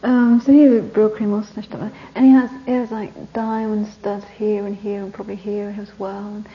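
A woman Buddhist teacher telling a story in a Dharma talk, animated and sometimes dropping to soft whispers for emphasis. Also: mid-range voice, moderate pace, dull audio.

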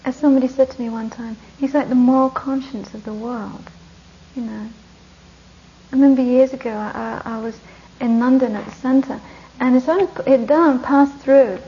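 High-voiced Buddhist nun telling stories. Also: female voice, steady tone, moderate pace. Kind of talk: storytelling talk. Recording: muffled lo-fi recording.

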